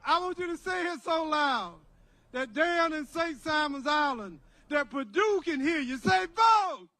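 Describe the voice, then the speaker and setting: Older male rally speaker, preacherly call-and-response, high-pitched, deliberate. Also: animated, bright, forceful tone. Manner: preacherly, rousing, repetitive. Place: outdoor drive-in rally.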